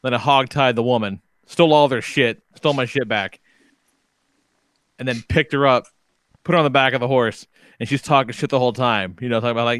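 A man's voice: mid-range voice, a little fast, a bit bright, clear, resonant tone, no echo, studio quality. A young man hosting a podcast, telling a game story in casual chat, swearing and acting out quotes. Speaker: podcast host.

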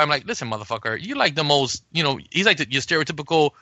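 Casting: bright, sharp-toned man, podcast co-host, animated, swears freely, dull lo-fi mic. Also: on the high side, fast talker, few pauses, no echo. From Puerto Rico. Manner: animated, swearing, acts out quoted arguments. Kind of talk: casual podcast chat.

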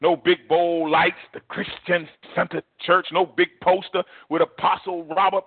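A male pastor preaching a sermon in an animated, repetitive, vernacular way. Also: on the high side, normal speed, hardly any pauses, dry recording. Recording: tinny phone-like dry recording.

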